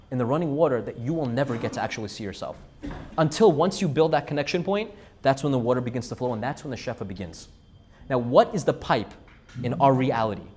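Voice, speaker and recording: A man giving an animated, emphatic sermon and repeating phrases for effect. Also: mid-range voice, a little hiss or hum. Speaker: Jewish speaker. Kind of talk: storytelling sermon.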